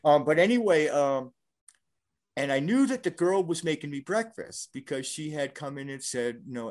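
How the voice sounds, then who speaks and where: Middle-aged male guest, slightly high voice, rambling and profane storyteller. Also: expressive, moderate pace, darkish tone. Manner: rambling, profane, with many restarts. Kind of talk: casual storytelling interview.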